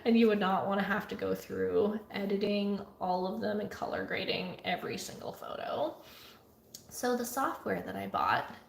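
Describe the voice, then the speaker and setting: A woman artist talking casually and chattily through her computer work, at times dropping to a soft murmur. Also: medium pitch, normal speed, vocal fry, echoey room, a little hiss or hum. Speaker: artist vlogger. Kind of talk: casual vlog talk. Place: home art studio.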